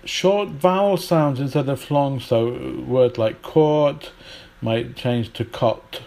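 A British man leads a podcast lesson on pronunciation, saying each example word aloud over and over. His voice is dark and gravelly, with a slow, unhurried delivery full of pauses. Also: mid-range voice. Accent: British English. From United Kingdom. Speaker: English teacher.

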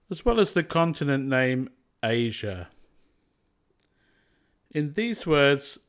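Very slow, deliberate male teacher. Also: medium pitch, fairly bright tone, clear, resonant tone. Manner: slow and deliberate, carefully spaced words. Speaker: pronunciation teacher. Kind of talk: scripted pronunciation lesson.

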